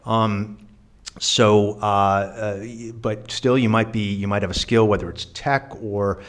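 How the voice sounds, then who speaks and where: Earnest halting New man. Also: fairly low pitch, steady tone. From New York. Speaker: guest, volunteer. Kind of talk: casual interview answers.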